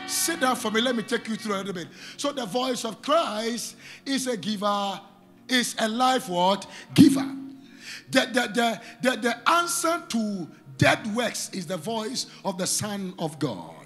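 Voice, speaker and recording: Male preacher, bright high delivery that swings wildly in pitch, shouts and chants to the crowd. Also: lively intonation, unhurried, faint music behind. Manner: call-and-response preaching, shouting and sing-song cadence. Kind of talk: sermon.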